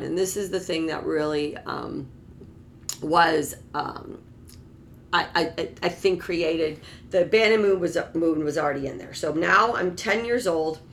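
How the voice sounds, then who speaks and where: A woman's voice: low voice, gravelly, a bit bright, slight background noise. A woman telling a personal story in a rambling, casual way, with many restarts and exasperated asides. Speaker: storyteller recounting her childhood.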